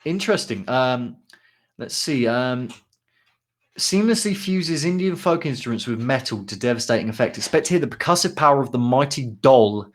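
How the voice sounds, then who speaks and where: On a relaxed podcast, a male co-host reads band blurbs aloud, pausing often and sprinkling in ums and small asides. His pitch is an ordinary middle range, and the talk is casual chat.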